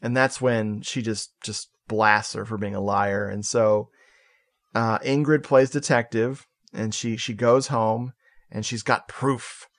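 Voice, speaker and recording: A man on a podcast casually recapping a movie plot, animated and joking, with swearing and laughing asides. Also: lowish voice, measured pace. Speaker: podcast co-host.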